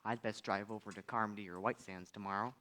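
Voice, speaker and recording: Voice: low-pitched, steady tone, pushed and bright. An actor playing a shy, kindly old farmer who stammers, in a live stage musical. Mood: mild. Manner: stammering, halting.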